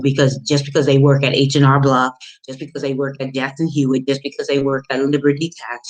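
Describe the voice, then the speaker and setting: A woman life coach giving an emphatic, preachy motivational talk, repeating phrases and dropping folksy pet names. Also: a bass voice. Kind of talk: motivational video monologue.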